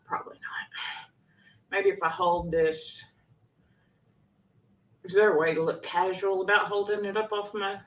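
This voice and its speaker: A woman's voice: mid-range voice, a bit bright, echoey room, far from the mic, rough recording. A woman hosts a casual live chat, self-mocking and often laughing. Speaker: host of a live chat show.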